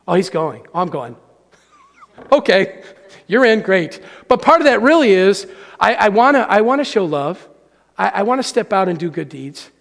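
A middle-aged man preaching in a church auditorium, with a voice set high for a man. It has a gravelly edge and a long hall reverb behind it. He moves between storytelling and acting out quoted voices. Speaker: pastor. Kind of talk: sermon.

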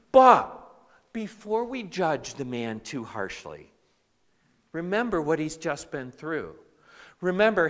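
A man preaching a sermon as pastor, animated and talking straight to his congregation. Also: on the high side, big-room sound.

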